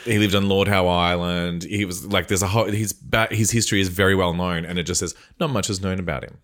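A man's voice: sits low, fairly even intonation, brisk, a bit bright. A man, chatting and teasing as a podcast guest. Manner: teasing, chatty, laughs often. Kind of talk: casual chat.

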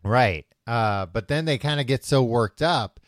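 A man's voice: medium pitch, lively intonation, unhurried, no echo, clean studio sound. A man casually retelling a book's plot on a podcast, full of fillers and restarts, slipping into the characters' voices. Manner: rambling with many fillers, acting out characters' lines. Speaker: podcast host recapping a book. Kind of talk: casual chat.

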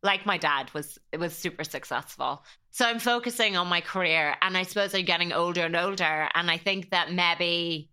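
With a lowish, sharp, clean voice at normal speed and hardly any pauses, an Irish woman in her thirties chats rambling-style as a podcast guest. She leans heavily on "like" in this casual interview and gets openly emotional.

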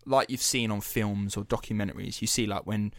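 A man's voice: fairly low pitch, steady tone, brisk, a bit bright, no echo. Chatty, swearing man on a dry mic. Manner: swears freely, loose and chatty with many fillers. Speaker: podcast host. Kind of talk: casual storytelling chat.

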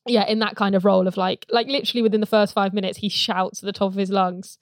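A woman's voice: mid-range voice, little pitch movement, quick pace, no room sound, studio quality. A woman co-hosting a podcast, chatting casually about a film, laughing often and mocking what the characters say. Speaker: podcast co-host. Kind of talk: casual film review chat.

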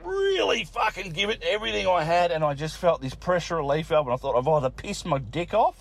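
A man's voice: on the high side, very animated, fairly quick, gravelly. A man with an Australian accent, a listener who sent in a recording, telling a crude story in a casual way, swearing heavily and laughing. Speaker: caller sending in a story.

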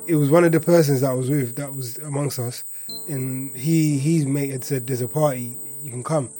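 A young man from East London with a local accent, quietly telling a personal story in a reflective way, often trailing off at the ends of his lines. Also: medium pitch, fairly even intonation, moderate pace, faint music behind. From Hackney, East London. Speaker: interviewee.

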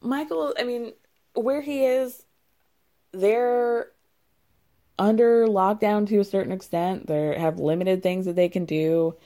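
A woman's voice: medium pitch, slow, warm tone. A woman casually recapping a reality show, chatty and sarcastic with lots of "like.". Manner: chatty and sarcastic, heavy use of "like". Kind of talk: casual chat.

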